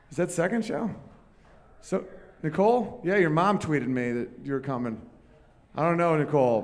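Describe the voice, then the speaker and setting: Crude, rambling male stand-up comedian. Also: sits high. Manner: crude, profane, rambling storytelling; banters with the crowd. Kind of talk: live stand-up set. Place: comedy club stage.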